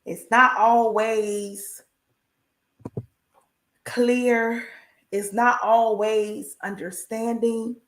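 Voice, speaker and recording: A woman's voice: fairly high pitch, level tone, extremely slow, long pauses, echoey room. A woman giving an encouraging faith talk on a livestream, emphatic and repetitive, with a preacher-like cadence and folksy asides. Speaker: inspirational speaker.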